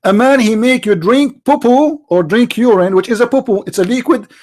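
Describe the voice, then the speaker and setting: A man's voice: extremely high pitch, normal speed, a little mellow. A man hosting a live call-in show, talking bluntly and mockingly in broken grammar. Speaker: host of a live call-in challenge. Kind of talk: unscripted live talk.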